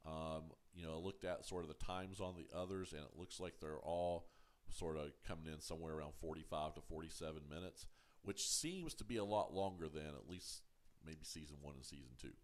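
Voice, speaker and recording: A man with a very deep, low-pitched voice talks through a show review in a casual, unscripted way. He stumbles and restarts often, leaning on ums and uhs. When he pushes back on critics, he turns firm and a little defensive. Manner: halting, full of ums and uhs, restarts words. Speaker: show reviewer, channel host. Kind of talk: casual review commentary to camera.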